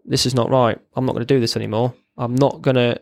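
Guy telling a raw story fast, swears a lot, gravelly, dead dry room. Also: mid-range voice, level tone, no room sound. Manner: raw, blunt, swears freely, restarts. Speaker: podcast guest, RAF veteran. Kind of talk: candid personal account.

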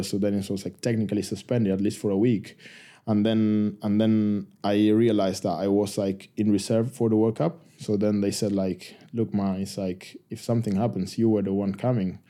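A man, a rugby player telling stories as a guest in a casual interview, halting and full of restarts. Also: fairly low pitch. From Argentina. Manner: halting, many restarts and fillers, relaxed.

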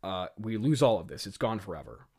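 A man's voice: lowish voice, sing-song, fairly quick, a little mellow. Giggly man mocking his old script. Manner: giggly, frequent laughter and filler words; wry, self-mocking. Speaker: writer reviewing his own old script. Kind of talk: casual commentary.

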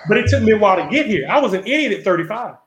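A man in his forties talks fast and emphatically, with a fairly high voice for a man. He leads a casual group conversation in a preachy way and acts out little dialogues to make his point. The room sounds echoey. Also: expressive, over a noisy crowd. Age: 40s. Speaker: podcast host.

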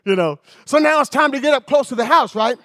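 A man preaching a sermon as an animated, rambling storyteller. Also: very high voice, fast talker, no echo, clean studio sound.

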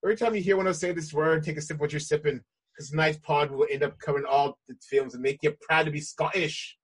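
Husky-voiced male host, playful and hyped, laughs a lot. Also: a little high, fairly even intonation, quick pace. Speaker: podcast host. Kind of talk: casual chat.

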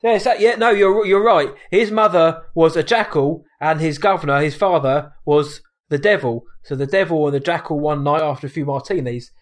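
A man's voice: on the high side, normal speed, few pauses. A man co-hosting a film podcast, casual chat that rambles and corrects itself, often laughing.

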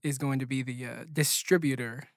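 A man's voice: medium pitch, fairly even intonation, moderate pace, gravelly, no room sound, clean studio sound. A man co-hosting a podcast in casual chat, laid-back and playful. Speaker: podcast co-host.

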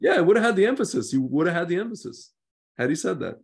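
A man with a somewhat high voice tells stories on a casual podcast. He talks in an animated way and often laughs as he goes. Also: quick pace, creaky, slightly rough. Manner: animated storyteller, mimics accents with laughter. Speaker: podcast co-host.

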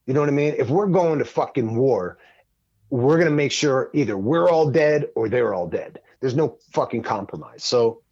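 A man spins a loose, profanity-laced story as a podcast guest, words tumbling out with restarts and asides. His voice sits at an ordinary middle pitch. The recording sounds a bit dull and lo-fi. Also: moderate pace, dry recording. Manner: profane, rambling, animated. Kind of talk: casual storytelling.

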